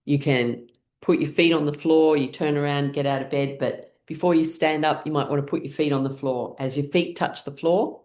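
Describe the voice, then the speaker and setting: A woman's voice: low-pitched, fairly even intonation, normal speed, a little mellow. A woman instructor guiding a laughter exercise class, upbeat and encouraging, often breaking into laughter between her instructions.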